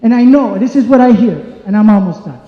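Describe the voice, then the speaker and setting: Angry high-voiced man in echoey hall. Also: brisk. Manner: angry, emphatic, repeats points. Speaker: community member speaking at public meeting. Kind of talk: impassioned public comment. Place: large church hall. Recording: echoey hall, dull sound.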